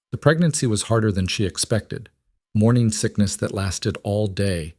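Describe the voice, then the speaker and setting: Male narrator, scripted story; measured, low, dry. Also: a little mellow, dry recording.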